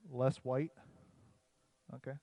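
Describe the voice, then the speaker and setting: A man's voice: medium pitch, level tone, slow pace, dark tone, rough recording. A man on a church livestream casually telling a hunting story and a joke, rambling and chatty. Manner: rambling, uses "like" often, chatty.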